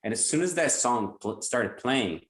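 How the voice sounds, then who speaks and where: A man's voice: medium pitch, expressive, moderate pace. Enthusiastic man in a roomy space. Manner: enthusiastic, rambling with many "like" fillers. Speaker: guitarist guest. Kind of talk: casual interview chat.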